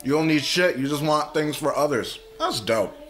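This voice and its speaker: A man giving a casual, profane reaction commentary while watching a movie, blurting out excited remarks. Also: a little high, normal speed, faint music behind. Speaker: reaction video host.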